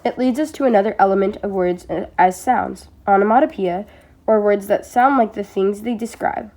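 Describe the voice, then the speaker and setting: A woman's voice: mid-range voice, normal speed, dark tone. A teenage girl giving an amateur read-aloud of a nonfiction book, reading steadily but now and then stumbling and restarting a word. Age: teens. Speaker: reader.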